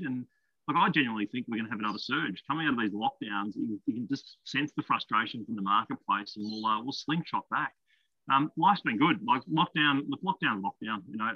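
A man's voice: mid-range voice, no room sound. Laid-back man, dull dry sound. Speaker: guest. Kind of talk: casual video-call chat. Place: outdoors in a backyard. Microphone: video call.

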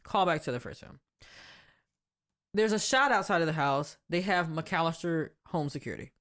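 A woman co-hosting a podcast in casual chat, animated and frank, laughing often and speaking. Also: sits low, normal speed. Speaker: podcast co-host.

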